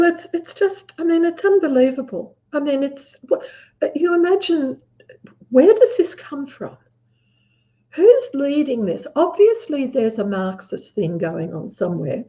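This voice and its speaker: A woman's voice: sits high, expressive, unhurried, warm tone. A woman with an Australian accent talking earnestly in casual conversation, acting out quotes as she tells a story. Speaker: guest. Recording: dull lo-fi audio.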